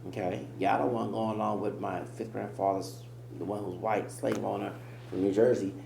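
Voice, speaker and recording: A man's voice: fairly low pitch, fairly even intonation, normal speed, gravelly. A man giving rambling, emphatic reaction commentary as host of his own channel. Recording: echoey room with faint hum.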